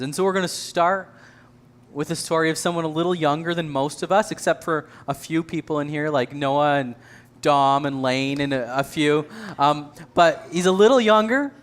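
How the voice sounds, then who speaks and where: A man leading a church service, speaking earnestly with some light self-deprecating humor. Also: fairly high pitch. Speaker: church leader. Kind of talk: sermon.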